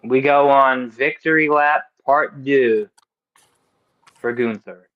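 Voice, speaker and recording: Animated man recapping wrestling. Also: medium pitch. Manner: animated, swears, does quick voices of the people he quotes. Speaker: podcast co-host. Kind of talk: casual wrestling recap chat. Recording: dull lo-fi recording.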